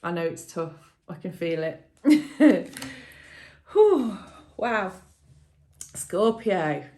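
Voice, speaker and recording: A woman giving a tarot reading to viewers in a casual, emotional way, often laughing softly and thinking aloud with fillers and restarts. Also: on the low side, slow pace. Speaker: tarot reader.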